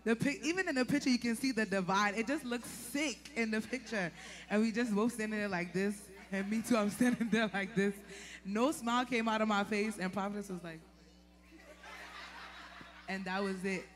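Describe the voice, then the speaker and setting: A woman giving a lively, laughing testimony before a church congregation. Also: medium pitch. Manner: animated, laughing storyteller, turns emotional. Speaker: church member giving a tribute.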